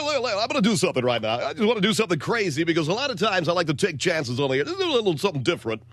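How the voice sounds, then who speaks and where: A man putting on a brash radio fill-in host, high voice, swooping delivery, carnival-barker patter. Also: fairly bright tone, no echo, heavily acted. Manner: hyped carnival-barker delivery, rapid-fire. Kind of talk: comedic radio character bit.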